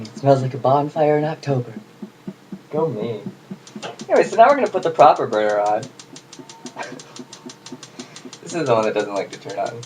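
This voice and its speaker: A man hosting a casual home cooking video, chatty and jokey as he talks to the camera while he works in his kitchen. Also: mid-range voice. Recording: noisy home recording.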